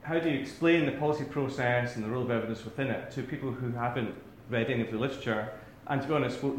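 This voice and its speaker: A Scottish man opens a lecture with rambling, self-deprecating asides and frequent restarts. His voice sits at an ordinary middle pitch. The room is echoey, with a faint hum of ambience behind him. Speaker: academic speaker. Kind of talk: lecture to a live audience.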